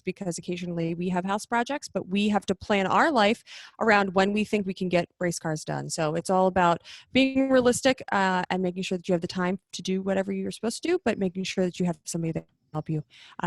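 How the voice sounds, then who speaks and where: A woman's voice: medium pitch, dry recording. A woman co-hosting a casual racing podcast, earnest and a little hesitant. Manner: earnest, hesitant, many fillers. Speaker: podcast co-host. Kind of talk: casual chat.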